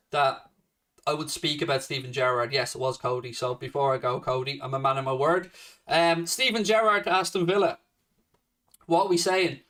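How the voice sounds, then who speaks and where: A man's voice: mid-range voice, a bit bright, far from the mic. A man hosting a casual fan livestream, swearing heavily and ranting confrontationally at a viewer. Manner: swears a lot, confrontational rant at a commenter. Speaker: livestream host.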